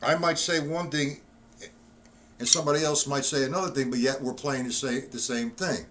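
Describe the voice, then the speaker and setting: A man's voice: mid-range voice, moderate pace, fairly bright tone. Man teaching drums, counting aloud. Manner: talks while demonstrating, counting beats aloud. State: not feeling well, coughing. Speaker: drum teacher. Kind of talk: live-streamed drum lesson.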